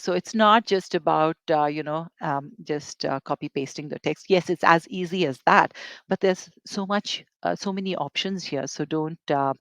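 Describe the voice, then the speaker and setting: Gravelly, hesitant webinar presenter. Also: mid-range voice, no room sound. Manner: hesitant, many fillers and restarts. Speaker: eLearning presenter. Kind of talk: software demo webinar.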